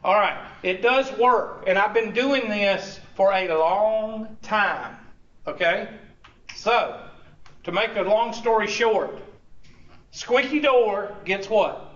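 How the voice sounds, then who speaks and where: A man's voice: high voice, slow pace, a bit bright, far from the mic. A man, a college instructor giving a classroom lecture in a teasing, sarcastic manner full of rhetorical questions. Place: large classroom. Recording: dull, echoey classroom recording from afar.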